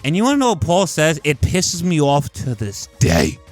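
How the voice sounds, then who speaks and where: A man with a high voice rants in casual commentary. He sounds exasperated and mocking and swears freely. Faint music plays softly behind him. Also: wildly swooping pitch, moderate pace. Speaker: comic commentary host.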